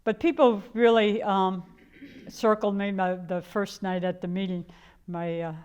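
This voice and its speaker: A woman's voice: medium pitch, fairly even intonation, a little slow, darkish tone, smooth, lo-fi sound. An older woman from the Chicago area telling her own life story in a candid, rambling way, full of fillers and restarts. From Chicago area, USA. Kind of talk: personal storytelling.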